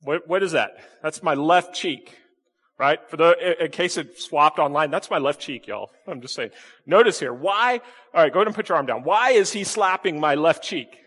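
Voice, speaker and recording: A man delivers a sermon in a large church, his pitch rising and falling with animation. He keeps checking in with the congregation through quick questions and jokes. His voice rings with the long reverb of the hall. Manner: lively, questioning the congregation, playful asides. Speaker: pastor.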